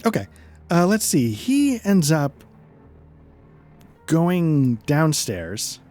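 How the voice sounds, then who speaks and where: A man's voice: fairly high pitch, very animated, extremely slow, darkish tone, faint music behind. A man narrating a tabletop game as game master, rambling and hesitant with many fillers.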